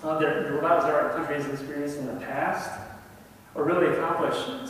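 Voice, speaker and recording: A man's voice: a little high, a little hiss or hum. Echoey, far-off man preaching a sermon. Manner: conversational, asks the congregation questions. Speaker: lay preacher. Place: church sanctuary.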